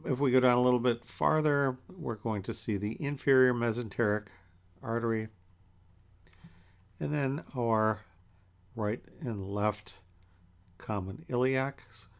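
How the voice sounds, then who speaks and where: A man teaching an anatomy lecture in a relaxed, conversational way as he points through pictures. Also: mid-range voice, creaky. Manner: relaxed and conversational, with many fillers and pauses. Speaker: anatomy instructor.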